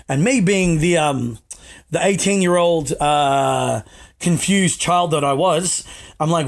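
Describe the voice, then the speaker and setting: A man's voice: fairly high pitch, moderate pace, gravelly. A young Australian man in his twenties, a podcast guest telling casual, self-mocking anecdotes with the odd swear word. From Melbourne, Australia.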